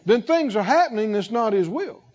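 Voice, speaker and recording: A man's voice: sits high, animated, normal speed, a little mellow, dull audio. A man preaching a sermon as pastor, emphatic and calling out questions for the congregation to answer.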